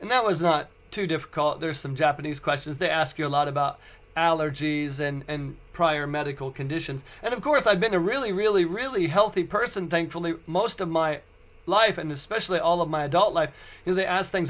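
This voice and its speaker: A man in his forties, a podcast host, telling a personal story in a casual, animated way with frequent stumbling restarts. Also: a little high, a little fast. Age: 40s.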